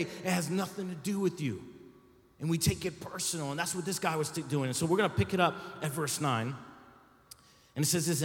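A male pastor preaching a sermon, animated and lively, breaking into shouts and playful asides to the congregation. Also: a little high. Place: church sanctuary. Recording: echoey hall with long reverb.

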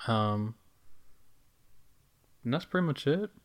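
A man's voice: mid-range voice, expressive, slow pace. A man co-hosting a gaming podcast in casual chat, laid-back and rambling with lots of fillers. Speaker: podcast co-host.

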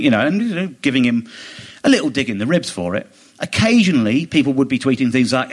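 A man chatting as a podcast guest in a mid-range voice. He tells his story in an animated, indignant way, slipping into quick mock voices for other people. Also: medium pitch. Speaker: comedian guest. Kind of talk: casual chat, storytelling.

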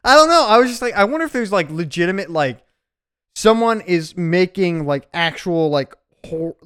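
Guy hosting a podcast, high smooth voice, loose and swears a lot. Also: animated, normal speed, fairly bright tone. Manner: loose, laughing, profane. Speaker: podcast host. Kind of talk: casual podcast chat.

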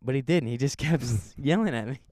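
A young man co-hosting a podcast, telling stories with loud high-pitched impressions of other people. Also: a little fast, no room sound, clean studio sound. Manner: animated storyteller, yells high when quoting people. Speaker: podcast co-host. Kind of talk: casual chat.

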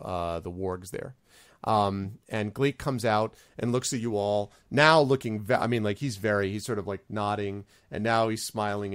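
A man's voice: fairly low pitch, no room sound. A man narrating a tabletop game as game master, rambling with many fillers.

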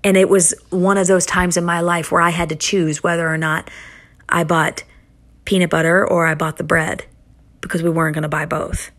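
A middle-aged woman delivers a sermon in an earnest, emphatic way. Her voice sits a little low, and she stretches key lines with dramatic pauses. She works personal testimony into the preaching. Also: flat delivery, a bit bright.

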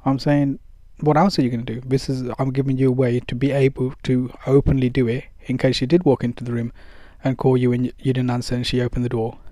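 Man chatting advice, dark mellow voice, dry close sound, lots of um and you know. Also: medium pitch, level tone, fast talker, few pauses, dry recording. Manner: conversational, acts out dialogues, many fillers. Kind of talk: casual advice monologue.

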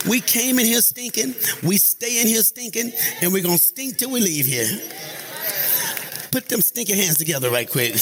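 Man, pastor preaching, rising to shouts, fairly high voice, faint hiss. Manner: lively preaching that climbs to shouts, calls on the congregation. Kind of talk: sermon. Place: church sanctuary.

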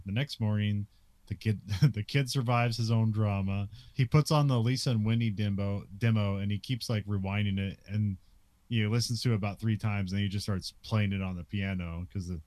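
A man's voice: fairly low pitch, fairly even intonation, normal speed, a little mellow, dry recording. A man co-hosting a podcast, recapping a film in casual chat, laughing often and filling his sentences with "like" and restarts. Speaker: podcast co-host.

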